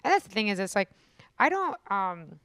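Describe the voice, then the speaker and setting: A soft-spoken woman, a musical comedian, chatting on a podcast at a comedy club with lots of fillers and restarts. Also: medium pitch, very animated, moderate pace, clear, resonant tone, no echo, studio quality. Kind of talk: casual podcast conversation.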